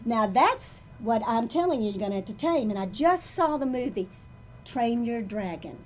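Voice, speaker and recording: Woman around 60 giving a pep talk in a coffee shop, kinda high voice, goes quiet then loud. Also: lively intonation, normal speed, a little hiss or hum. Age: about 60. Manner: emphatic, confessional, swinging between soft and loud. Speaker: motivational speaker. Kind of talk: live motivational talk.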